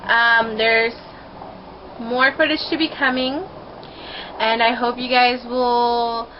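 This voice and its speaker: A woman's voice: a little high, level tone, slow pace, dull audio, a little hiss or hum. A woman talking casually to her viewers from her own room, rambling, playful and openly emotional. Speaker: vlogger. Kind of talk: casual heartfelt talk to camera.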